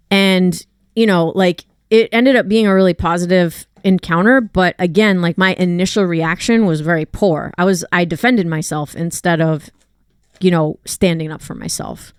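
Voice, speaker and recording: Reflective woman in casual chat, crisp dry voice. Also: fairly low pitch, steady tone, normal speed, dry recording. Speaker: dog walker and podcast co-host.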